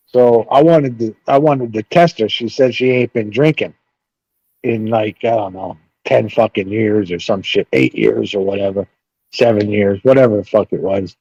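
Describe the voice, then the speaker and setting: A man's voice: on the low side, dark tone, husky, no echo, highs cut off. A middle-aged man telling a rambling, profane story on a live chat panel.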